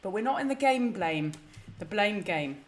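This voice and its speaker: A woman's voice: medium pitch, animated, normal speed, slight background noise. Chatty, flustered woman hosting. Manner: chatty, self-deprecating, flustered. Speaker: host. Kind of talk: casual live-stream chat.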